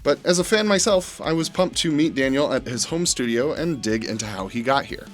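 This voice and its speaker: A man's voice: mid-range voice, lively intonation, fairly quick, faint music behind. A male show host delivering scripted narration between interview clips, with an enthusiastic, announcer-like delivery.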